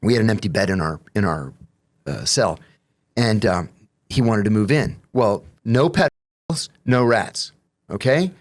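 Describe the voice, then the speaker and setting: A man, a guest on an interview show, telling profane stories in a casual, animated way. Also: fairly low pitch, moderate pace. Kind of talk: casual storytelling.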